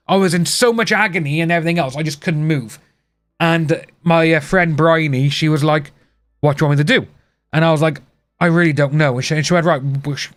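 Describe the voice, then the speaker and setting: A man's voice: a little high, no room sound. A man hosting a casual live stream, telling a long personal story with many side remarks. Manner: rambling personal storytelling with asides.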